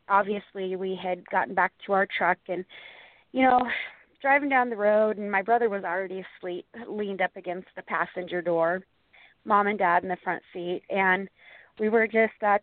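A woman in her forties from Montana, telling her story earnestly as an interview guest, in a halting way with many restarts. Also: mid-range voice, no echo. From Montana, USA. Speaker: guest, Bigfoot researcher and author. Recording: tinny phone line, dry.

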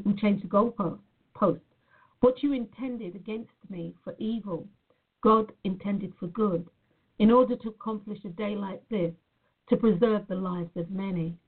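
A woman's voice: mid-range voice, breathy edge. A woman from Nevada, a reflexologist, talking earnestly and reflectively to her viewers as "guys" in a casual spiritual talk. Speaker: reflexologist sharing a personal reflection. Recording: tinny phone-like audio.

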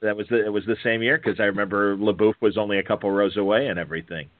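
A man's voice: fairly low pitch, fairly even intonation, rapid-fire, dry recording. A man hosting a podcast, chatting casually and laid-back, acting out quotes in a story. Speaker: podcast host. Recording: dry tinny phone-like line.

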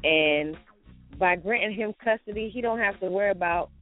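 A man's voice: high-pitched, moderate pace, faint music behind. Opinionated male co-host on a tinny line. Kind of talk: casual morning show banter. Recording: tinny phone-like lo-fi audio.

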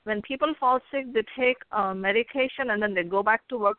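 A woman's voice: fairly high pitch, normal speed, hardly any pauses, no room sound. A woman author and coach, the interview guest, giving earnest advice and telling folksy stories. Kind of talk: casual interview talk. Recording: phone line with faint noise.

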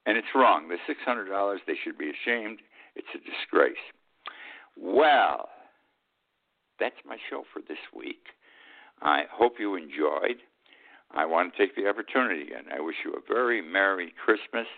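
A man's voice: deep voice, animated, normal speed, gravelly. A man hosting his own weekly radio talk show, giving blunt, indignant opinion commentary. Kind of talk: opinion monologue. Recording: tinny phone-like lo-fi sound.

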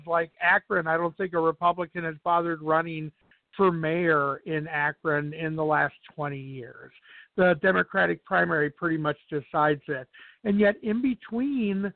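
A man's voice: high-pitched, dry recording. A man as a podcast guest in casual chat, rambling through anecdotes with many restarts. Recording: dry tinny phone-like sound.

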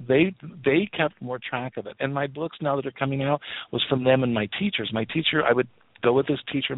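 A man's voice: mid-range voice, no room sound. A man in his fifties telling family stories in a rambling, casual way on a radio call, full of restarts and laughs. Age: 50s. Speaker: psychic radio guest. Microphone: phone line. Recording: tinny phone line, dry.

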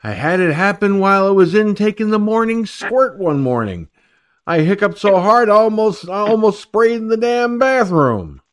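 A man's voice: high-pitched, sing-song, moderate pace. An older man hosting an online talk radio show, joking and rambling crudely about everyday troubles. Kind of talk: casual call-in chat.

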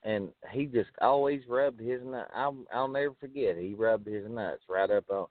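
Lower-voiced dude rambling and hedging on a podcast, tinny dry sound. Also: male voice, moderate pace, dry recording. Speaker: podcast co-host. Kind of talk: casual profane chat. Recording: dry, phone-like narrow sound.

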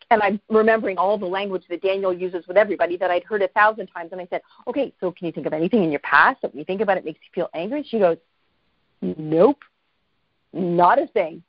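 A woman guest telling a story in a casual interview, lively and self-deprecating, acting out the voices of people she quotes. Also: medium pitch, no echo, muffled recording.

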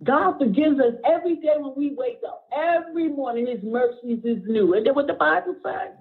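With a high-pitched voice moving a little fast, a middle-aged female pastor delivers an impassioned sermon, sometimes close to crying, and invites the congregation to respond. The sound is tinny and phone-like.

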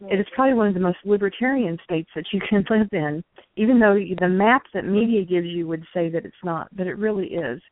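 A woman's voice: medium pitch, brisk, no room sound. A woman in her forties, a guest speaking earnestly in casual conversation, sometimes slipping into a preachy tone. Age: 40s. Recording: tinny phone line, dry.

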